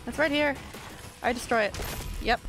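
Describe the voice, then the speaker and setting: A woman streamer giving live gameplay commentary, excitable, yelping and talking to herself as she plays. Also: a little high, normal speed, music in the background. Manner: excitable, yelps and talks to herself while playing. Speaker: game streamer. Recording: steady background noise.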